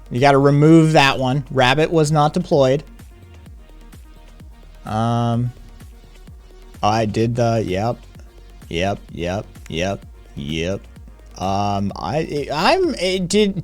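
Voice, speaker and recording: A man hosting a live stream in casual chat, loose and profane, often laughing. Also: medium pitch. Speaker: streamer host.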